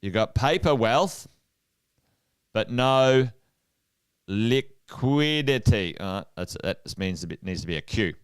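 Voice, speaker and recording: A man's voice: fairly low pitch, slow, long pauses, clear, resonant tone. A middle-aged Australian man, an investment coach, talking energetically to a livestream audience, repeating points and quizzing viewers. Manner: energetic, repeats himself, asks viewers questions. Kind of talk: whiteboard livestream talk.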